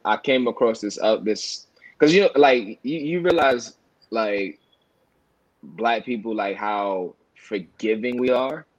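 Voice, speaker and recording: Low-voiced rambling New man. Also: slow, no echo, lo-fi sound. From New York. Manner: rambling, filler-heavy, many restarts. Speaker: podcast co-host. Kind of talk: casual chat.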